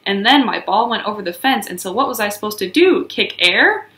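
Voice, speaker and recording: A woman voicing a dramatic little girl who hollers and wails in a high voice. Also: animated, a little fast, a bit bright, roomy sound. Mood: pleading. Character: bratty loud little girl narrator.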